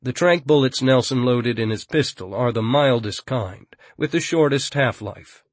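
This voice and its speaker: Scripted audiobook narration from a man with a medium-pitched voice, delivered at a normal speed in a steady, even storytelling manner. There's no echo.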